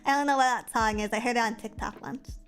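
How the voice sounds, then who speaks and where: A woman's voice: on the high side, fairly even intonation, fast talker, fairly bright tone. A young woman streamer chatting casually and playfully, with lots of silly vocal play. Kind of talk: casual chat. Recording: faint music behind.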